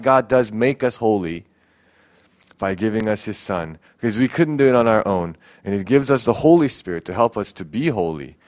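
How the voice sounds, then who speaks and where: A young man preaching a casual, earnest sermon as a youth pastor, pleading, with many fillers and restarts. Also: fairly low pitch.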